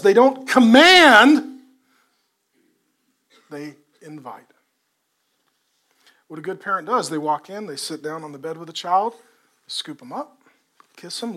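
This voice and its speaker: A middle-aged male pastor preaching a sermon to a congregation, swinging between loud delivery and hushed, intimate talk. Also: high voice. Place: church before a congregation.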